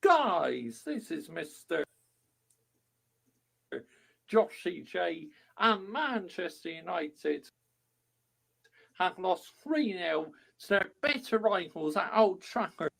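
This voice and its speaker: A man, a football fan vlogger giving an angry rant to camera, shouting and swearing heavily. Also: sits high, very animated, slow, vocal fry, pauses often. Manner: furious, shouting, heavy swearing.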